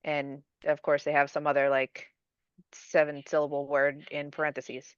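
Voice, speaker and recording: A woman's voice: sits low, completely flat delivery, moderate pace, clean tone, dry recording, muffled recording. A woman co-hosting a podcast, chatting casually and explaining things she is reading. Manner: explaining, reading details aloud. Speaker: podcast co-host. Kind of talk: casual conversation.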